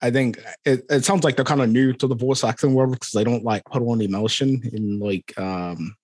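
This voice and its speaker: A young Scottish man with a mid-pitched voice chats as an interview guest, easygoing and loose. He hesitates often and fills gaps with "um" and "like". The sound is dry and close. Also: fairly even intonation, brisk, darkish tone, no echo. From Scotland. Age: young adult. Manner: easygoing, hesitant, many fillers and restarts. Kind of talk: casual interview chat.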